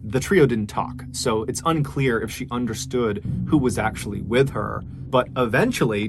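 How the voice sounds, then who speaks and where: A man's voice: mid-range voice, slight background noise. A man hosting a podcast, telling a true crime story in a conversational, earnest way. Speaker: podcast host.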